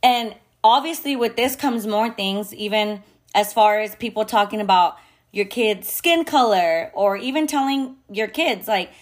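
A woman's voice: mid-range voice, measured pace. A woman hosting a podcast and talking candidly and bluntly, with heavy swearing, lots of fillers and Spanish phrases mixed in. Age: adult mother. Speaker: podcast host. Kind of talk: candid casual monologue.

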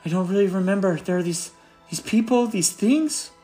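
A man's voice: high-pitched, moderate pace, warm tone, soft background music, voice pushed up, lightly acted. A man voicing a frantic young male gnome who pleads for help in a breathless, repetitive rush. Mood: frightened. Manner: breathless, pleading, repeats himself.

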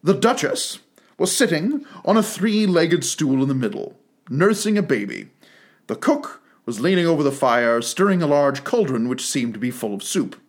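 Animated male storybook narrator. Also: on the high side, moderate pace. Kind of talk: reading a classic storybook aloud.

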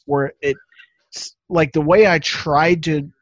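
A man chatting casually on a voice call, animated as he tells stories and acts out quotes. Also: a little high, slow pace, no room sound, muffled recording. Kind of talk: casual chat.

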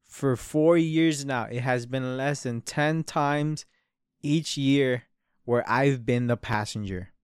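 Taking it slowly, a podcast host in his early twenties delivers a long, rambling story in casual speech, swearing a lot and calling the listener dude and bro. His smooth mid-range voice is captured dry at studio quality.

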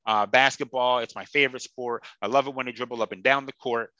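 A man's voice: mid-range voice, steady tone, quick pace, bright, forceful tone, no room sound, muffled recording. A man hosting a casual sports podcast, talking bluntly and heatedly with plenty of swearing. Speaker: podcast host.

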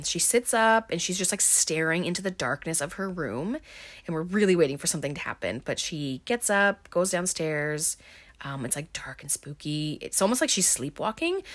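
A woman's voice: lowish voice, a bit bright. A woman casually recapping a film scene by scene, chatty and full of likes and ums. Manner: chatty, filler-heavy retelling with frequent likes and ums.

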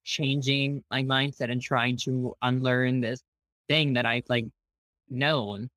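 A man who is a podcast guest, speaking in a reflective, deliberate way in casual conversation. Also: mid-range voice, little pitch movement, pushed and bright, no echo. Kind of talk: conversational interview.

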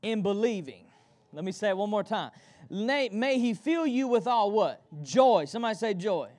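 High-voiced male pastor preaching. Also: expressive, normal speed, a little mellow. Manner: call-and-response preaching; repetitive, rhythmic delivery. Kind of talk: sermon. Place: church.

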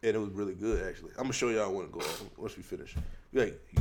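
A man's voice: low-pitched, racing, a little hiss or hum. A man hosting a casual chat, loose and jokey, rambling with restarts. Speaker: podcast host.

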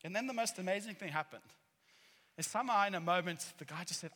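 A male pastor delivers a sermon with earnest, animated energy. His voice sits fairly high and bright, and it carries with long reverb through a church hall. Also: fast. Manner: earnest, animated storytelling with acted-out quotes.

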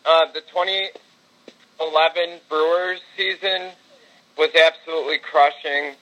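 A man co-hosting a podcast, telling sports stories in casual chat, excitable and swearing now and then. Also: on the high side, measured pace, lo-fi sound. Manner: storytelling, swearing, excitable when reliving games. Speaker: podcast co-host.

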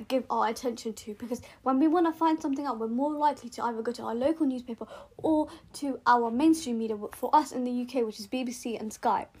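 A young woman talks alone into her podcast mic, and her voice sits high. She speaks earnestly and rambles, restarting sentences and stacking up repeated words. The home recording sounds a bit rough. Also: a little mellow. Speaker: podcast host. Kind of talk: casual solo podcast monologue.

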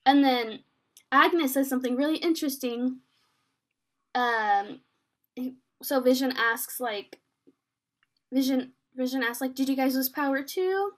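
High-voiced chatty woman. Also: unhurried, long pauses. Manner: animated, filler-heavy retelling with quoted lines. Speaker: podcast co-host. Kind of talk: casual chat recapping a TV episode.

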